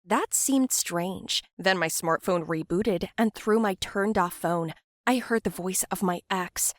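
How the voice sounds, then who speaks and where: A woman's voice: lowish voice, a little slow, no room sound, studio quality. A woman narrating a first-person story and voicing all the other characters herself.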